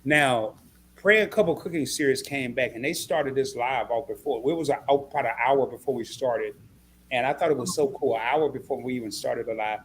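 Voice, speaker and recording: A man hosting a live-stream interview, who gets excited and reads viewer comments aloud as he talks. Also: medium pitch, brisk, a little hiss or hum.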